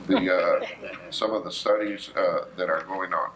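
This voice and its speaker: A man, giving a city council an economic overview in a halting way, with many "uh"s and restarts. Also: deep voice, fairly even intonation, noisy background. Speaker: city official presenting to council. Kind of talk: economic overview at a public meeting.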